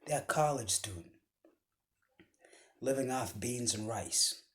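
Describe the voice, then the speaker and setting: A man speaks in a motivational, preaching cadence, lingering on each phrase at an unhurried pace. His voice sits at an ordinary middle pitch. He repeats key words and often drops to a hushed whisper for emphasis. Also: animated. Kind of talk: motivational speech.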